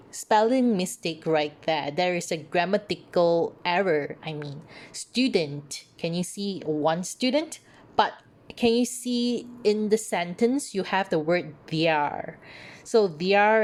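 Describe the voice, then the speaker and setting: A woman teacher talks through a casual video lesson, chatty and unhurried. Her voice sits a little low, and she reads example sentences slowly and carefully for learners. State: up late at night. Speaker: English teacher.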